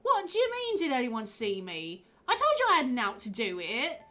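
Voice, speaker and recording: A woman's voice: high voice, huge pitch swings, normal speed, bright, forceful tone, soft background music, full character voice. Woman doing a defensive village bloke, broad put-on accent. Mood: indignant. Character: gruff male villager suspect, defensive.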